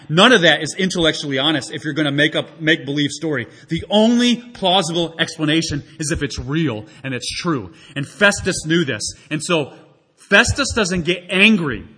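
Male pastor, high husky voice, animated sermon delivery. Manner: animated, acts out quoted voices.

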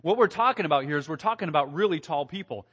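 A man preaching a sermon, animated, asking the congregation questions and acting out quotes in a raised voice. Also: a little high, quick pace, husky, highs cut off. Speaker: pastor.

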